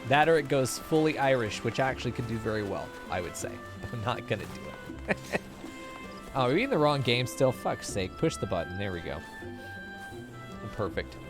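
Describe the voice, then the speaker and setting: A man's voice: mid-range voice, big pitch swings, normal speed, long pauses. A man streaming a game, joking and swearing freely as he chats with his viewers. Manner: profane, joking, talks to chat. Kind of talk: casual live-stream chatter. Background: game music.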